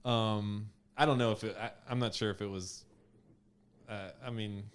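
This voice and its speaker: A man's voice: lowish voice, steady tone, moderate pace, clear, resonant tone. A man co-hosting a podcast from a home studio, chatting casually, laughing often and trailing off mid-thought. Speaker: podcast co-host. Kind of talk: casual chat.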